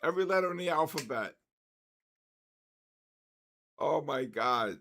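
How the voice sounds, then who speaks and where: Running a live trading session, an older man calls out viewers by name in a loud, sing-song way, exasperated but joking. His expressive voice is a little high and he speaks a little slowly.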